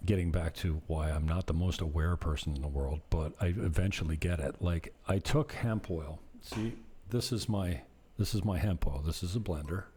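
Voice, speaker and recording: A man vlogging in a casual, rambling monologue, self-deprecating and drifting off topic, with a husky voice. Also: low-pitched, moderate pace, dark tone, a little hiss or hum.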